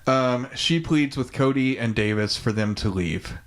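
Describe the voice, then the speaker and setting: A man's voice: medium pitch, measured pace. A man, co-hosting a podcast and casually retelling a movie plot, with plenty of ums, likes and swearing. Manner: laid-back, profane, many ums and likes. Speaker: podcast co-host. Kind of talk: casual chat retelling a film.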